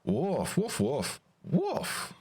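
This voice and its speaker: A man voicing a small puppy companion in a video game, barking in quick high yips. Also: huge pitch swings, darkish tone, husky, exaggerated voice. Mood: yappy. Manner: yips in rapid high barks.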